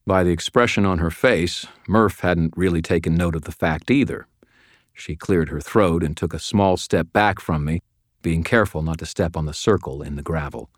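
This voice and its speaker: Audiobook narrator, man, very low voice, dry close studio sound, even first-person storytelling. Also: normal speed, no room sound.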